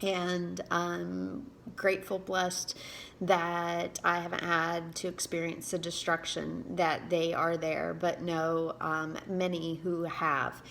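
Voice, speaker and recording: Woman in her 40s, lower voice, personal video reading her own story, gets choked up, halting delivery. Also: completely flat delivery, creaky, a bit bright, a little hiss or hum. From Indiana, USA. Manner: emotional, halting, reading aloud with pauses. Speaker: author and giving speaker.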